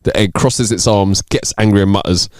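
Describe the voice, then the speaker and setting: A man's voice: lowish voice, fairly even intonation, moderate pace, no room sound, studio quality. A man co-hosting a comedy podcast, telling jokes in rambling, casual chat and laughing at his own lines. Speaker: podcast co-host.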